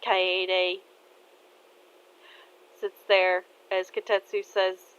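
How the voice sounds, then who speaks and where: A woman softly narrating a fan story in a casual, unhurried way. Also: lowish voice, fairly even intonation, highs cut off.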